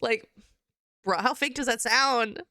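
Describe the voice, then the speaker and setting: Brief: chatty woman streamer, giggly and offhand, gravelly fry, dry close-miked sound. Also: mid-range voice, animated, normal speed, a bit bright, no room sound. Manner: chatty, giggly, reacting to chat. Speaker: livestream host. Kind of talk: casual livestream chat.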